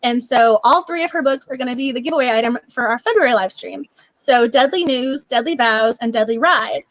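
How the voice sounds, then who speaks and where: A woman's voice: a little high, a little fast, a bit bright, dry recording, dull audio. A young woman hosting a book club live stream, chatting casually and gushing, with many laughs and fillers.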